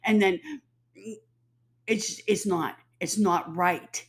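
A woman's voice: lowish voice, fairly even intonation, slow. Woman in her fifties, stuffy and sore-throated, blunt, profane to-camera ranter. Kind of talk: casual rant to camera.

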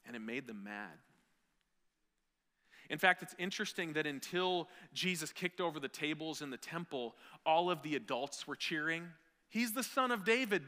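A male pastor preaching with a bright, forceful, fairly high voice that swings from hushed to loud. He is lively, cracks asides and acts out scenes. His voice rings with a long reverb in a church sanctuary. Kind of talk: sermon.

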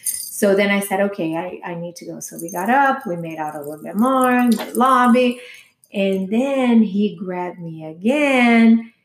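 A woman's voice: mid-range voice, lively intonation, a little slow. A woman chatting casually, telling a candid, profane story full of quoted dialogue. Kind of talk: casual chat. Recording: echoey room.

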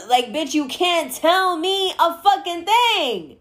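A woman hosting a casual chat, animated and swearing freely as she acts out what people say. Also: very high-pitched, slow.

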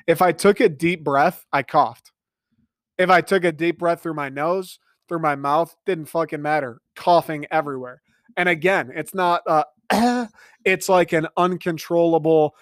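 A young man hosting a solo podcast, telling a story in a loose, profane, animated way and acting out his own thoughts in mock dialogue. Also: fairly high pitch, moderate pace, no room sound, clean studio sound. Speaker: podcast host. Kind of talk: casual solo monologue.

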